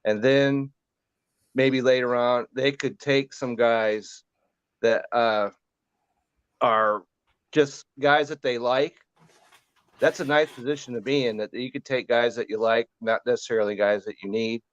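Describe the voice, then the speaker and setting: A man co-hosting a fantasy football show, giving relaxed, rambling draft analysis in casual chat. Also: medium pitch, unhurried, long pauses, clear, resonant tone, no room sound, highs cut off.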